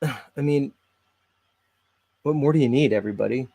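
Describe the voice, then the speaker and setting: A man's voice: mid-range voice, moderate pace, creaky, mellow, dry recording. Chatty male host, dry close sound. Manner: chatty, rambling, talks straight to viewers. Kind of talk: casual commentary on videos.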